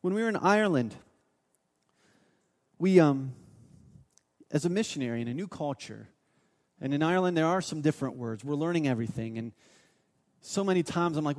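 A man preaching a sermon as pastor, telling stories and moving between loud urging and hushed asides. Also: a little high, animated, normal speed, pauses often, big-room sound.

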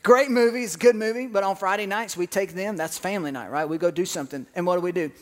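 A man's voice: high voice, fast talker. A man preaching a sermon as pastor, telling joking stories with bursts of laughter.

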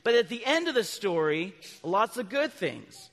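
A male preacher with a notably high voice gives a children's sermon in a big reverberant church. He keeps asking his listeners questions and answering them himself. Now and then his voice jumps to loud, animated emphasis. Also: unhurried. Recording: long reverb from a large hall.

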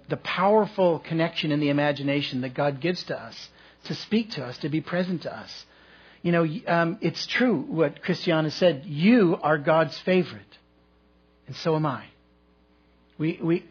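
Pastor with a husky voice; earnest, halting sermon and prayer, muffled recording. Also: male voice, on the high side. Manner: earnest, measured preaching with halting restarts. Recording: dull lo-fi church recording.

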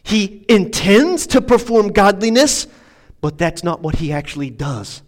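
A male pastor preaching a sermon, moving from emphatic, rising passages to quieter, reflective stretches. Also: high-pitched, sing-song, unhurried, low-quality recording. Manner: preaching with swelling, emphatic delivery that drops to quiet asides.

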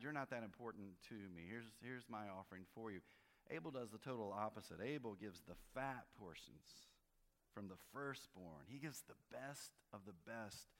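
A man preaching a sermon in a relaxed, conversational way, often restarting his phrases. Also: on the low side. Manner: conversational, with frequent restarts and varied emphasis. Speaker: pastor. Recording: long hall reverb.

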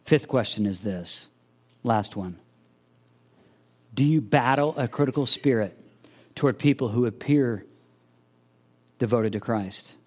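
A man's voice: mid-range voice, a little slow, pauses often, darkish tone. A man preaching a sermon, earnestly asking searching questions and acting out the voices of imagined listeners. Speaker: pastor.

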